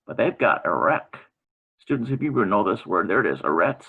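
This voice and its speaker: A low, gravelly and husky man's voice that swings widely in pitch as he teaches. He reads from a textbook, then breaks off into hesitant asides, restarting and correcting himself. The sound is thin and tinny, like a phone line. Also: sing-song. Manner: reads aloud and adds halting comments with many fillers and self-corrections. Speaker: Bible language teacher. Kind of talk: informal lecture reading from a textbook.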